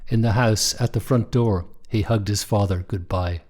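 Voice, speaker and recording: Calm low-voiced male narrator. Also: moderate pace. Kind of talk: reading a short story.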